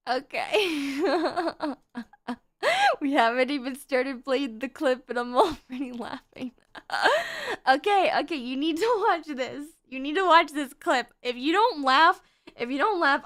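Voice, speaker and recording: A young woman streaming casually while she draws, chatting in a rambling, excitable way and breaking into giggles. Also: high-pitched, moderate pace. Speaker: VTuber streamer. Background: faint background music.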